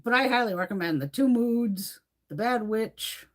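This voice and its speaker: A woman's voice: on the high side, animated, moderate pace. A middle-aged woman hosting a casual beauty livestream, chatty and swearing freely as she tells stories.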